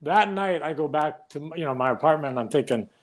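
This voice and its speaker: A man with a slightly high voice spins lively stories in casual conversation. He acts out what everyone said as he goes, one anecdote running into the next. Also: brisk. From Canada. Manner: animated anecdotes, acts out quoted dialogue. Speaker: guest, retired boxer. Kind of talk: casual storytelling.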